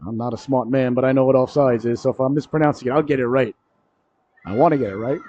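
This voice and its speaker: A man calling a high school hockey game play-by-play, cracking jokes between plays and shouting on goals. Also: fairly even intonation, quick pace, no room sound. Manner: jokey asides, rises sharply to shouts on goals. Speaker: play-by-play commentator. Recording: dry, dull lo-fi broadcast audio.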